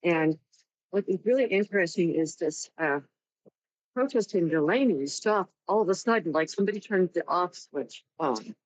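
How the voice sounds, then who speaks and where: A woman's voice: fairly low pitch, animated, normal speed, no echo. A woman in a casual political chat, talking in an upbeat, sarcastic way. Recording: dull dry lo-fi line.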